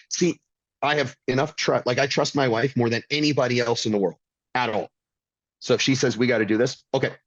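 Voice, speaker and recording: A man's voice: mid-range voice, no room sound, muffled recording. A middle-aged man telling a blunt, intense personal story as a podcast guest, swearing freely. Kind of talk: candid storytelling.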